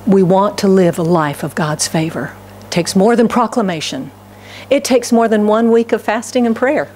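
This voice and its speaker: A woman pastor preaching with fervor from the pulpit of a church, her voice pitched in a middle range for a woman. She rises to emphatic declarations and then drops to a hushed, almost whispered plea. She often turns to her listeners with direct questions. A faint hum sits under her voice. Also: lively intonation, normal speed. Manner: impassioned, swinging from raised declarations to hushed, near-whispered pleading; asks the congregation rhetorical questions. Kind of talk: sermon. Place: church sanctuary.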